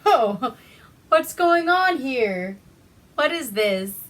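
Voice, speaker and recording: A woman voicing an innocent, confused man from an old film, who talks slowly and sounds puzzled. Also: fairly high pitch, fairly even intonation, bright, forceful tone, smooth. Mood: bewildered. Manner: slow, bewildered, naive.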